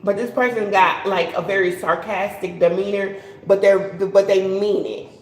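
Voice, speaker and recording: A woman's voice: medium pitch, fairly even intonation, normal speed, roomy sound, low-quality recording. A woman giving a casual live tarot reading, chatty and slangy, laughing and swearing as she talks. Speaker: tarot reader.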